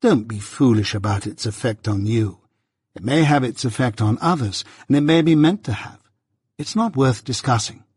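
A man's voice: mid-range voice, expressive, moderate pace, a little mellow, husky, no echo, clean studio sound. A man voicing a proud, cold young woman who answers in a clipped, scornful, aloof way, read as part of an audiobook. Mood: disdainful. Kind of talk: audiobook character reading.

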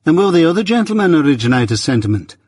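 Brief: man voicing a sly secretive stranger, raised and husky, insinuating questions in a storybook reading. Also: on the high side, sing-song, fast talker, a little mellow, no echo, studio quality, voice pushed up. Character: sly secretive male stranger, middle-aged, cunning.

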